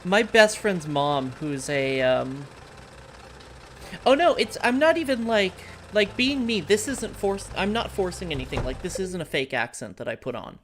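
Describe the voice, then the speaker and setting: A woman's voice: fairly low pitch, lively intonation, moderate pace, a little hiss or hum. A woman streamer with a working-class American city accent, chatting casually and rambling with lots of fillers while playing a game. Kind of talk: casual chat while gaming.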